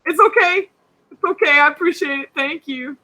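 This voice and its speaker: A woman's voice: high-pitched, normal speed, pushed and bright, low-quality recording. A woman playing in a tabletop game, encouraging the others and laughing often. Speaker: player. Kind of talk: casual tabletop game chat.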